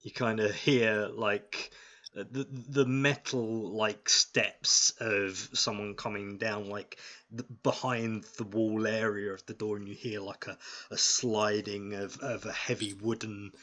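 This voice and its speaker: Slow, halting game master, bright voice. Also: male voice, fairly low pitch, flat delivery. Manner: halting, many fillers and restarts. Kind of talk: narrating a tabletop game. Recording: dull lo-fi sound.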